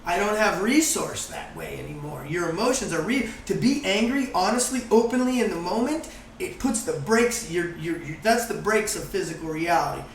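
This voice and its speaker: A man talking in a casual group conversation, animated and swearing freely as he acts out quotes. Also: sits high, moderate pace, creaky, echoey room, distant mic, a little hiss or hum, poor audio. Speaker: guest, course founder.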